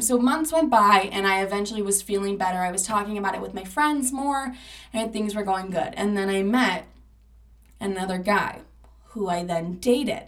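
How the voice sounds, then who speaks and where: A woman's voice: medium pitch, normal speed, fairly bright tone. Blunt, profane young woman podcaster. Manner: candid and profane, emphatic. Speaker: podcast host. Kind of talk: personal storytelling podcast. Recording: voice a bit distant from the mic.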